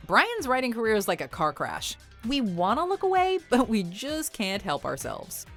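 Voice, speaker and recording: A woman's voice: fairly high pitch, huge pitch swings, moderate pace, over loud music. A woman narrating a scripted countdown video with wry, playful commentary.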